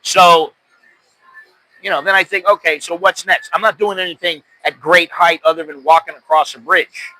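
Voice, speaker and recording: A man's voice: on the high side, fairly even intonation, moderate pace, pushed and bright, poor audio. A middle-aged American man hosting a podcast, telling stories in a loose, rambling, self-deprecating way. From United States. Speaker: podcast host. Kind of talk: casual chat.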